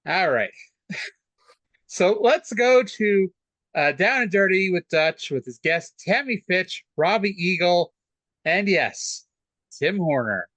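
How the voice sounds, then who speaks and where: A man's voice: high voice, lively intonation, slow pace, a bit bright, no room sound. A man co-hosting a wrestling podcast, joking and rambling in casual chat. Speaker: podcast co-host.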